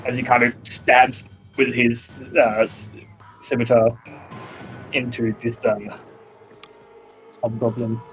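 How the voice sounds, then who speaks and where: A man's voice: medium pitch, slow pace, long pauses, soft background music. Australian man narrating as game master. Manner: relaxed, loose narration with many fillers. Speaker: dungeon master. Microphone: podcast microphone.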